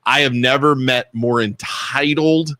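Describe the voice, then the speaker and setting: Frank male co-host, mid-pitch voice, dry close sound. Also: measured pace, sharp tone, no echo. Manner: indignant, frank. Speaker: podcast co-host. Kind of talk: casual live podcast chat.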